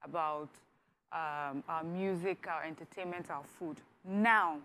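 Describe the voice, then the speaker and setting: A woman co-hosting a TV talk show, making measured, reflective points in a panel discussion. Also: low-pitched, fairly even intonation, pushed and bright, a little hiss or hum. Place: TV studio.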